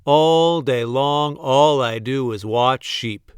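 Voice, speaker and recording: A restless, mischievous shepherd boy from a storybook, as a man puts him on. He complains in slow, drawn-out, slightly raised tones and yells loudly when crying wolf. The sound is clear and dry. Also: mid-range voice, no room sound, natural voice. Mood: bored. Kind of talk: storybook read-aloud.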